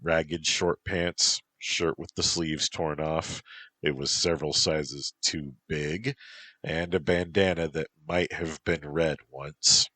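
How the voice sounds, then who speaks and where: A man narrating a story in a slow, even reading voice. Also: a bass voice, no echo.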